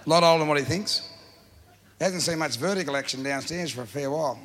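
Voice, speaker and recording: A man's voice: on the high side, fast talker, a bit bright. Drawling Australian man telling yarns. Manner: drawling, laid-back with many "uh" fillers. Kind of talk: stand-up storytelling.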